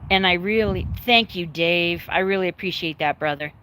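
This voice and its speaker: Woman vlogger, casual and rambling, swears a lot, emotional but steady, faint background hiss. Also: on the low side, moderate pace. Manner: rambling, candid, swears freely; emotional but calm, choked up at times. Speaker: livestreaming vlogger. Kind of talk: casual chat to viewers. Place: at home, dogs in the yard nearby.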